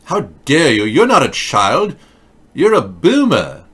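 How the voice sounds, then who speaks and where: Angry scolding girl, high and shrill, a guy doing the voice. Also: wildly swooping pitch, slow, bright, forceful tone, heavily acted. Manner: indignant, scolding.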